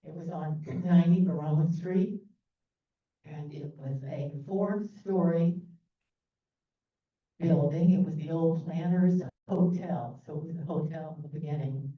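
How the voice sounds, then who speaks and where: A woman's voice: sits low, fairly even intonation, unhurried. A woman from New Orleans giving a history talk with slides, chatty and loose, with fillers and asides. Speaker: presenter. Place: meeting room. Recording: echoey, distant, phone-like sound.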